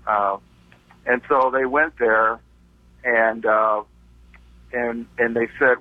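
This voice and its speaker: A man's voice: mid-range voice, steady tone, takes it slowly, pauses often, no room sound. A man calling in to a radio show, friendly but hesitant, stammering and filling with "uh". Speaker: caller. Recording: dull phone line.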